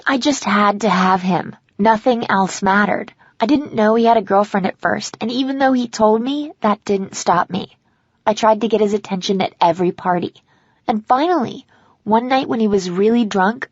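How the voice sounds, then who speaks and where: A woman's voice: mid-range voice, normal speed, breathy edge, no echo, dull audio, natural voice. A woman voicing an anxious, apologetic young college woman who talks earnestly. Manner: earnest, emotional.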